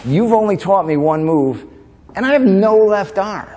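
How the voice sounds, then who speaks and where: A man voicing an earnest, worried eleven-year-old boy in a high, youthful voice. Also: expressive, a little slow, a little mellow. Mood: protesting. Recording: reverberant conference hall.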